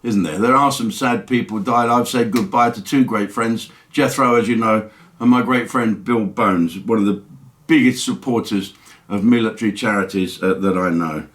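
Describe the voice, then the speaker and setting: A man's voice: fairly low pitch, normal speed, a bit bright. A man from England, a comedian hosting his own show in a casual, rambling, mocking monologue. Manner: chatty, mocking, rambling asides. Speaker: comedian host.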